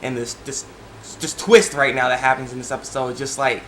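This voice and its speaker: A young man casually reviewing an anime episode, excitable and chatty, with lots of fillers and sudden laughs. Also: medium pitch, a little fast, a little hiss or hum.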